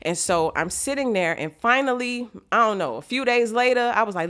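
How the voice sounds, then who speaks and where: Woman w/ storytelling, animated, does all the voices. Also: on the high side, moderate pace, hardly any pauses. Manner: animated, acts out quotes. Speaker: vlogger.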